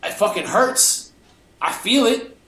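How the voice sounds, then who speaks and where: A man's voice: very high voice, animated, slow pace, a bit bright, reverberant. A man co-hosting a podcast, delivering a profanity-laced, heated opinion rant. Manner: profanity-laced, fired-up ranting. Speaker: podcast co-host.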